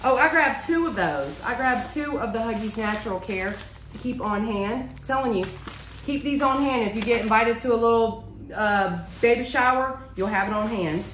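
Woman, chatty haul vlog, gushing, slightly high voice, roomy echo, faint hum behind. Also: moderate pace, fairly bright tone. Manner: chatty, gushing, says y'all a lot. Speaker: haul vlogger. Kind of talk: casual show-and-tell haul. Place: room at home with a bookshelf.

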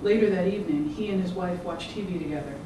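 An author giving a measured, rhythmic public reading of their own fiction. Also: mid-range voice. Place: event room. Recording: echoey room, distant mic, background noise.

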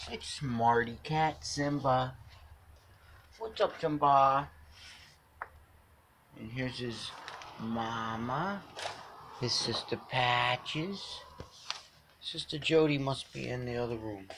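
A man's voice: medium pitch, slow pace, long pauses, fairly bright tone, slight background noise. A man talking fondly to his cat at home, cooing baby talk as he films. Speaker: cat owner filming his pet. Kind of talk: casual home video. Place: home, indoors by a door.

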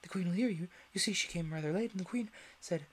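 A man voicing a timid, nervous white rabbit who talks in a hushed, hurried, stammering way. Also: high-pitched, breathy edge, pitched above the performer's own voice.

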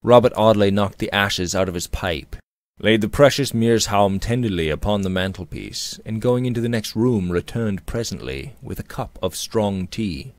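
A man narrating a Victorian novel aloud in a measured, expressive storytelling manner. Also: lowish voice, no echo. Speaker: audiobook narrator.

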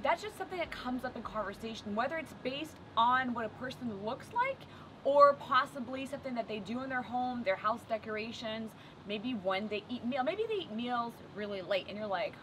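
A native French woman with a French accent gives an upbeat video lesson in a fairly high voice, trading English explanation for spoken French examples. Steady background noise sits under her voice. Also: a little fast. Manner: lively, switches between English and French example phrases. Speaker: French teacher.

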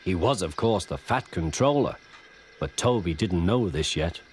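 A man's voice: low-pitched, normal speed, slight background noise. A man with a British accent narrating a children's storybook cartoon expressively. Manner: lively and expressive.

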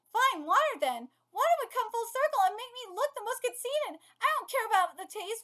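A woman reads a manga chapter aloud on a live stream in a very high voice, and her pitch leaps up and down. Between the quieter read lines she bursts into loud, swearing reactions and laughs. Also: very animated, normal speed, few pauses. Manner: reads panels aloud, then breaks in with loud laughing exclamations; swears often in disbelief.

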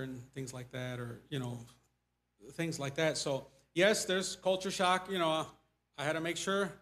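A man's voice: medium pitch, moderate pace, fairly bright tone. A man speaking as a missionary at a church, telling stories loosely with many fillers and restarts. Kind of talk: church testimony talk.

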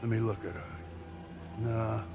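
An actor playing a gruff adult male hunter in a video game, rough-spoken and swearing as he handles a captive. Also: lowish voice, little pitch movement, a little slow, over loud music.

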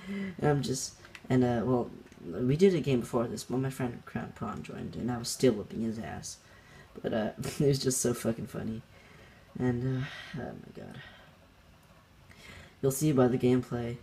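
Young male gamer narrating his own match, loose and rambling, chuckles a lot, middle-pitched everyday voice. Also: moderate pace, creaky, dark tone, a little hiss or hum. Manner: rambling, laughing, many fillers and restarts. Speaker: gaming channel host. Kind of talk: casual gameplay commentary.

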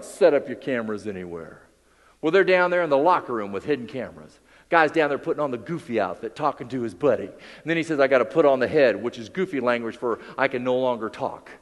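A man giving a motivational keynote on stage, telling stories with acted-out voices and dropping low and quiet for emphasis. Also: long reverb tail. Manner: theatrical storytelling, acts out quoted voices, drops low and quiet for emphasis. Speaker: keynote speaker. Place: large hall with audience.

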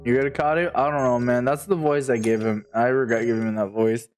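A man streaming a game who swears and swings between screaming and low mumbling. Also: fairly even intonation, brisk, a little mellow, soft background music. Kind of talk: live game streaming commentary.

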